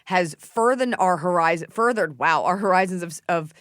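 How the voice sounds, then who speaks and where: Animated woman host telling stories. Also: lowish voice, normal speed, dry recording, clean studio sound. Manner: animated storytelling, swearing freely. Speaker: podcast host. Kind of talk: casual chat.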